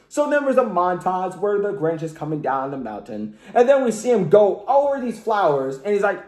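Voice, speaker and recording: A man's voice: high-pitched, very animated, moderate pace, a little mellow, reverberant. A man recapping a cartoon casually, rambling and joking with lots of fillers. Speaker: cartoon reviewer.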